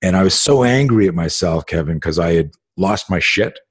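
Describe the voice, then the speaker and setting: A man's voice: deep voice, lively intonation, normal speed, breathy edge, dry recording. A middle-aged man in casual conversation as a podcast host, rambling through stories with lots of fillers and swearing.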